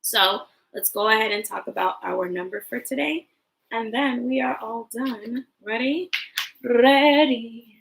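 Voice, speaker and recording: A young woman teaching a livestream lesson to small children, slow and sing-song, drawing out words. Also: fairly high pitch, vocal fry, a bit bright, a little hiss or hum. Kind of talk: early-grade livestream lesson.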